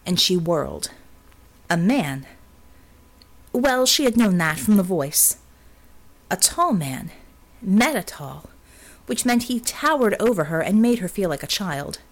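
A woman reading a novel aloud as an audiobook narrator, steady and expressive. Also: fairly low pitch. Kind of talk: scripted narration.

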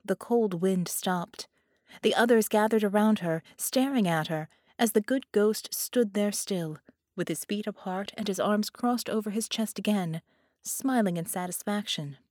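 A woman narrating an audiobook in measured, dramatic storytelling. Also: medium pitch, a little mellow, no echo, studio quality.

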